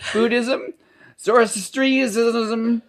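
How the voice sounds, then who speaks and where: High squeaky backcountry guy, put on by a man, easygoing, reads aloud. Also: steady tone, very slow, full character voice. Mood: goofy. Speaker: podcast co-host.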